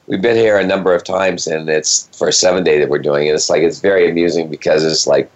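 A man's voice: rumbling low, fairly even intonation, fast. A man co-hosting a talk radio show, joking around and then explaining his ideas at length in a casual way. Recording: dull lo-fi sound.

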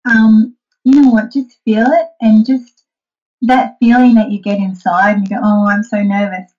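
A woman's voice: fairly high pitch, fairly even intonation, normal speed, dark tone, lo-fi sound. A woman guest in an interview, talking earnestly and encouragingly and acting out the thoughts she quotes. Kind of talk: interview conversation.

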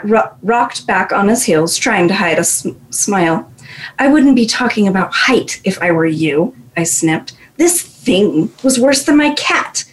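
A woman author reads from her fantasy novel with slow, dry first-person narration. Her voice is mid-pitched and steady. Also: low-quality recording. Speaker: author guest. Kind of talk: reading her novel aloud.

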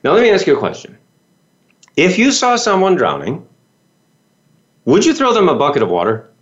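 A man's voice: a little high, huge pitch swings, moderate pace, dull audio. A male business coach giving a motivational talk to his listeners, full of rhetorical questions and folksy asides.

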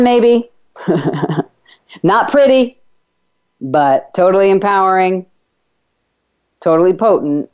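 Female talk radio host: deep, smooth voice, earnest and reflective storytelling, slightly muffled recording. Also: warm tone. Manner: earnest, reflective, with halting restarts. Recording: slightly dull lo-fi radio audio.

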